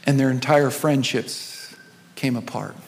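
A man's voice: medium pitch, fairly even intonation, unhurried, gravelly, slight background noise. A man, a senior pastor, preaching a sermon with storytelling and rising and falling intensity. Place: church auditorium. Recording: long hall reverb.

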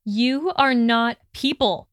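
A woman voicing a furious, sharp-tongued young witch who snaps and rises in pitch when angry. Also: unhurried, no echo, studio quality, close to an everyday voice. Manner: snapping, raised and shrill when angry.

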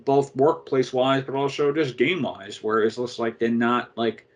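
A man with a mid-pitched, everyday voice co-hosts a casual gaming chat. He muses thoughtfully and hesitantly. He stops often on "uh" while he finds his words. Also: steady tone, normal speed. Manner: thoughtful, hesitant, many "uh" fillers. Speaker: podcast co-host.

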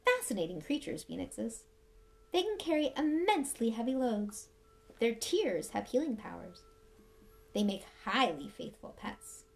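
A woman reading aloud and voicing an old, wise wizard headmaster who talks gently and calmly. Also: a little high, creaky, full character voice. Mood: amused. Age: older. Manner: gentle, unhurried, lecturing.

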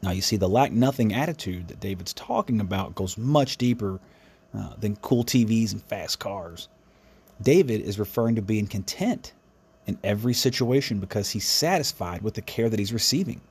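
A man's voice: on the low side, animated, normal speed, a little mellow, breathy edge. A man hosting a devotional podcast, speaking in an earnest, reflective way with frequent restarts. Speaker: podcast host.

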